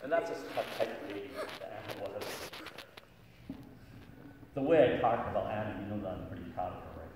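A middle-aged man, a pastor, telling jokes and stories to schoolchildren in an animated way. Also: on the low side, brisk, long pauses. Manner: jokey, animated storyteller. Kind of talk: storytelling talk to children. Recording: echoey hall from far off, background noise.

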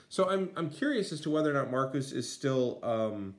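A man's voice: mid-range voice, lively intonation, moderate pace. A man Latin teacher translating a textbook aloud, with many fillers and dry asides.

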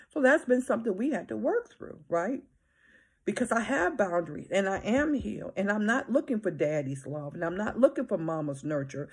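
A woman's voice: mid-range voice, slightly rough. A woman minister and counselor giving a preaching-style talk, emphatic, repeating her phrases and often checking in with "right?".

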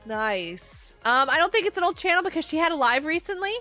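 Playing a game live, a woman talks fairly quickly in a high, bright voice, gasping and laughing with wide pitch swings. Though excitable, she seems sleepy and yawns. Soft game music sits in the background of this casual stream chat.

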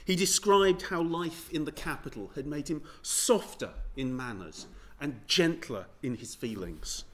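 A man giving a history seminar paper, reading in a measured, precise way. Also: a little high, expressive, a bit bright. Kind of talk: academic lecture read from a script. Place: seminar room.

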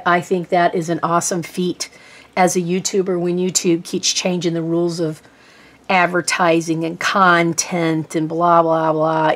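Chatty woman with a Norfolk, Virginia accent. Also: fairly low pitch. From Texas. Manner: rambling, chatty, self-deprecating. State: tired. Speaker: art vlogger. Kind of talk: casual chat while painting.

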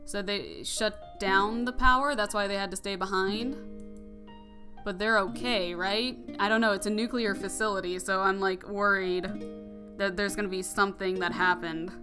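A woman's voice: medium pitch, normal speed. Gushing, emotional young woman gamer. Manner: expressive, gushing reactions. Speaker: let's play host. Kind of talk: emotional gameplay commentary. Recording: music playing underneath.

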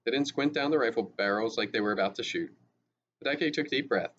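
A male teacher reading a novel aloud in a steady, even way, with small restarts. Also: mid-range voice, fast. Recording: dull lo-fi with faint hiss.

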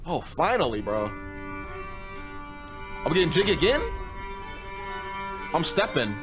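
A young man narrates his playthrough in loose, slangy commentary, his pitch swinging widely as he jumps at every scare. His voice sits a bit high for a man. Game music plays clearly behind him. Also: sing-song, unhurried. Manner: jumpy, exclaims and laughs at scares, slangy. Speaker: gaming streamer. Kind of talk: casual let's-play commentary.

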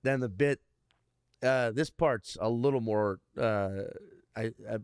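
A man's voice: medium pitch, slow, clean tone, dry recording, clean studio sound. A man in his thirties, a comedian guest, telling rambling stories in casual interview chat and swearing constantly. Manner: heavy swearing, rambling storyteller.

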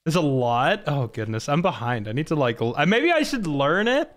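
A man's voice: on the high side, sing-song, normal speed, few pauses, faint music behind. A young man casually commenting on his own gameplay during a live stream, often laughing and exclaiming to his chat. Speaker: gaming streamer.

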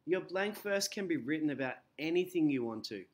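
A man's voice: on the high side, expressive, fairly quick. A male teacher talking casually through a lesson, hesitant and full of fillers.

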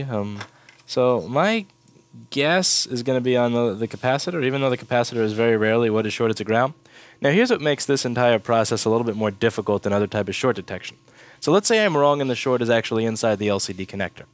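A man with a stuffy cold walking through a circuit board repair at his workbench, blunt and swearing when annoyed. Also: medium pitch. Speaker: repair technician. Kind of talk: casual repair walkthrough.

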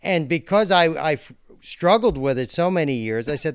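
A man's voice: mid-range voice, moderate pace, smooth, no echo, studio quality. A man speaking as a podcast guest, earnest and reflective in a casual conversation.

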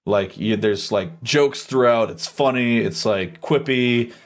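A man with a mid-range voice co-hosts a casual podcast about books. He speaks haltingly and fills his sentences with "like". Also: medium pitch. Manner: halting, filler-heavy, often laughing. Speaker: podcast co-host. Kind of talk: casual book discussion.

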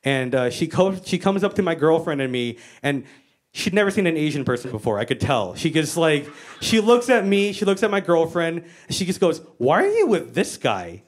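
A woman's voice: deep voice, lively intonation, a little fast. Brash profane woman doing stand-up. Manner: brash, profane storytelling with voiced quotes. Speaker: stand-up comedian. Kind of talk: stand-up comedy. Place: stage before a live audience.

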